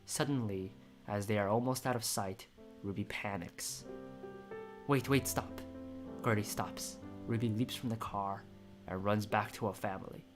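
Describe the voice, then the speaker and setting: Man, lowish voice, choked up, rambling script read-through, faint music behind. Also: moderate pace. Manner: excitable, emotional, with frequent restarts. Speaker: screenplay reader and commentator.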